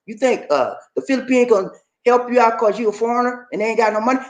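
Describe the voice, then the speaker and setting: A man's voice: very high voice, steady tone, fast. A man from Georgia, bluntly lecturing and chatting with viewers as a livestream host. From Georgia, USA. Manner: blunt, preachy, colloquial. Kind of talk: casual livestream chat. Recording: echoey room.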